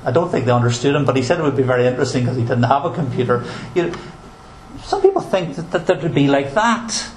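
A man's voice: medium pitch, animated, quick pace, a little hiss or hum. A male pastor preaching a sermon in an earnest, emphatic way, with touches of dry humor. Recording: roomy echo.

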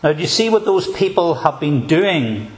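A man, a pastor, preaching a sermon in an emphatic, measured way with deliberate pauses. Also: on the high side, sing-song.

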